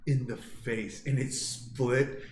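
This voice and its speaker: A man's voice: medium pitch, fairly even intonation, slow, reverberant, a little hiss or hum. A man in his thirties from Southern California, co-hosting a podcast and telling rambling, profane stories with laughs mixed in. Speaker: podcast co-host. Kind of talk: casual storytelling chat.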